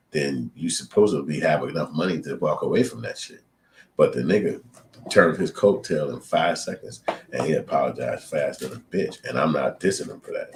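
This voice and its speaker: A man's voice: a bass voice, darkish tone, a little hiss or hum. A man hosting his own show, talking straight to viewers in a blunt, profane, preachy rant. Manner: blunt, profane, preachy ranting with acted-out quotes. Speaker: show host. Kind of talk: casual opinion monologue to viewers.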